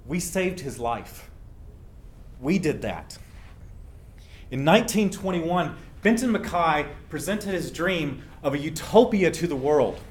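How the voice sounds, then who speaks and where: A man giving a welcome speech at a festival, telling a story in an earnest, emphatic way and slowing down for effect. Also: a little high, expressive. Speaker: welcome speaker.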